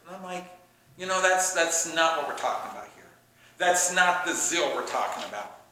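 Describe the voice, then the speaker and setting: A man preaching a sermon as pastor, animated, often acting out quoted voices. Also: sits high, very echoey, poor audio.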